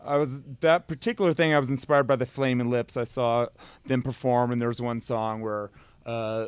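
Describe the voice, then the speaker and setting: A man, a guest musician and advice columnist, chatting in a rambling, deadpan way and laughing at his own jokes. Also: lowish voice, clear, resonant tone, no room sound. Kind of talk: casual live talk-show chat.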